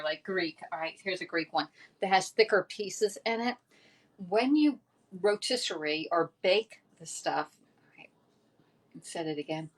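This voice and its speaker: A woman's voice: fairly low pitch, fairly bright tone. A woman hosting a casual cooking demonstration, chatty and rambling, often laughing at herself. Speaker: home cooking host. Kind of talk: casual cooking demo chat.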